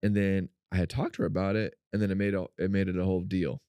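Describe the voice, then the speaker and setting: A man co-hosting a faith-based podcast, telling a personal story in an animated way and acting out what people said. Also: fast, clear, resonant tone, no room sound. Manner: animated storyteller, acts out quotes in a high voice. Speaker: podcast co-host.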